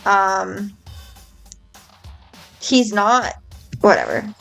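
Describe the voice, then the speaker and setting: A woman's voice: mid-range voice, sing-song, unhurried, pauses often, soft background music, poor audio. A young woman streamer casually commenting on a game, rambling, swearing freely and trailing off into fillers.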